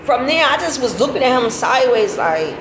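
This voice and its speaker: In an echoey recording with heavy background noise and what seem to be vehicles going by, a middle-aged woman tells a loose, lively story at a fairly quick pace. She swears freely and her laughter jumps up high.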